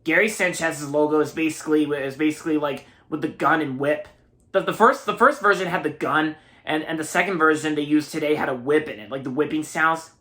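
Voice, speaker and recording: A young man in his early twenties from Maryland gives a rambling, casual movie review, often repeating himself. His voice is a little high and sharp, and he speaks briskly.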